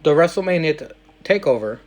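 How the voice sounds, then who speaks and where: A man's voice: on the high side, lively intonation, brisk, darkish tone. A man hosting a casual podcast, teasing his guest and posing questions. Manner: playful, teasing, asks questions. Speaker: podcast host.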